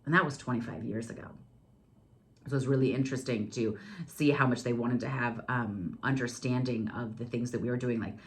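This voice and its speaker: A woman in her forties from California with a Californian accent, hosting a podcast in a casual, animated storytelling monologue. She talks fast and says "like" a lot. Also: rumbling low. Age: 40s. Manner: animated, outgoing. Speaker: podcast host.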